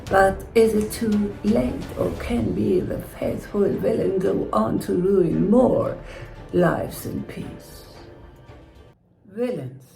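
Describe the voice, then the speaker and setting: A woman playing a weary, sarcastic older villainess with a gravelly voice in a comedy sketch. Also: medium pitch, sing-song, takes it slowly, mellow, roomy sound, faint music behind, full character voice, rough recording. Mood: ominous narration. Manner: dry, sarcastic remarks. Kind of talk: comedy sketch acting and mock narration.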